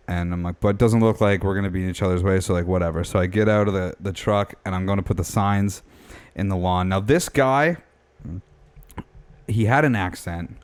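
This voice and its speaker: Young podcast dude, lowish voice, tells stories all animated, lots of swearing and laughs. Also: male voice, brisk, clean tone. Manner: animated, swears a lot, laughs often, acts out quotes in a raised voice. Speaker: podcast co-host. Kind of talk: casual storytelling chat.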